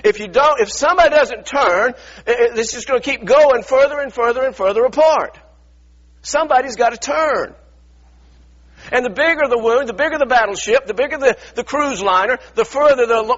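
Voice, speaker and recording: A middle-aged pastor preaching a sermon in a church, earnest and repetitive, stumbling over restarts and firing rhetorical questions. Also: male voice, high voice, a bit bright, slightly rough, highs cut off.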